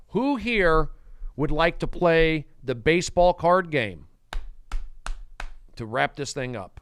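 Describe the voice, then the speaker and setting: A man hosting a rambling solo livestream on his phone, swinging from shouts to mumbles. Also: on the high side, smooth, dry recording, clean studio sound. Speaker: livestream host.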